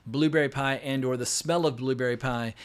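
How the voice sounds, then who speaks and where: A man's voice: mid-range voice, steady tone, fairly quick, noisy background. A man giving a casual, opinionated movie review, with swearing and fillers. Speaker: film reviewer. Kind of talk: unscripted movie review monologue.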